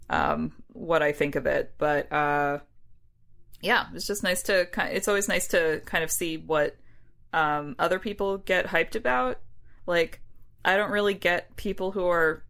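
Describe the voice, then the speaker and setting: A woman's voice: deep voice, creaky, a bit bright. A woman co-hosting a podcast, chatting casually and enthusiastically, laughing often. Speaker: podcast co-host.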